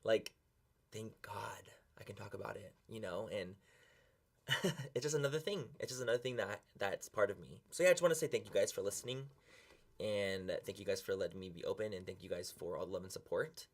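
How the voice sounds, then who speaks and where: A man's voice: lowish voice, fast. A young man talking earnestly and emotionally to camera in a confessional vlog, close to tears and swearing casually. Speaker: beauty vlogger.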